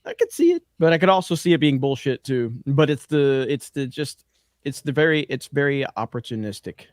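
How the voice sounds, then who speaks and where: A man's voice: medium pitch, very animated, fairly quick, no echo, studio quality. A man hosting a casual podcast chat, blunt and rambling, with a profane, opinionated way of talking.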